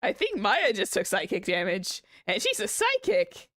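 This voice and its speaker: A woman's voice: medium pitch, wildly swooping pitch, moderate pace, a bit bright, no room sound. A woman streamer chatting casually as she plays, rambling, joking and swearing now and then. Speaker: VTuber streamer. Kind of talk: casual game commentary.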